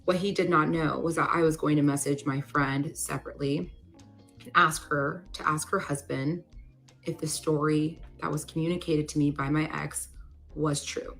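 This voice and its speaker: Low-voiced young woman telling her story. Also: fairly even intonation, moderate pace, vocal fry, a bit bright, soft background music. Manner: conversational, many "like" fillers. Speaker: storyteller sharing a personal story. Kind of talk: casual confessional storytelling.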